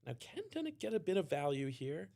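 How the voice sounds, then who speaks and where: Australian male poker commentator, higher-pitched, lively play-by-play. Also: a little fast, vocal fry. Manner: chatty, excitable on big hands. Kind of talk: live tournament commentary.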